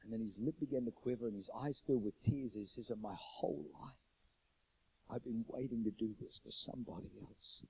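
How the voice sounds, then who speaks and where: A middle-aged pastor preaching a sermon, swinging from loud, urgent declarations to hushed, intimate storytelling. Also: male voice, fairly low pitch, brisk, creaky, slight background noise, rough recording.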